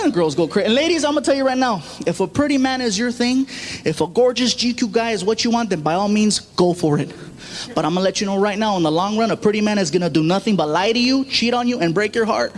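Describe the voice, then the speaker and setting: A man's voice: high-pitched, quick pace. A middle-aged man doing stand-up, telling stories and acting out voices and sound effects as he goes. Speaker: stand-up comedian. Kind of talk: stand-up storytelling. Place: live comedy stage.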